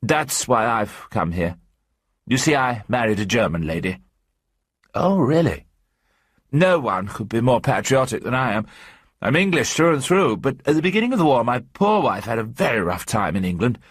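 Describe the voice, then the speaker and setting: A man's voice: mid-range voice, very animated, moderate pace, husky, no room sound, clean studio sound. A man voicing a stout, talkative English journalist with an eager, ingratiating manner. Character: stout chatty English journalist husband, middle-aged.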